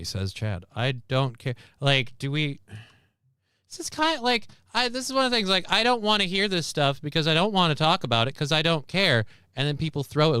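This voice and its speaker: A man's voice: on the high side, big pitch swings, moderate pace, pushed and bright, smooth, no room sound, studio quality. A man hosting a livestream, reacting to news clips in blunt, sarcastic casual commentary, swearing often. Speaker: livestream host.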